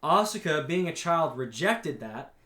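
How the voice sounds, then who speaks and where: A young man co-hosting a podcast, chatting casually and recapping scenes with animated, profane reactions. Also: on the high side, a little slow, echoey room. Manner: animated recapping, reads out scene quotes, swears freely. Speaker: podcast co-host. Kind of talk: casual chat.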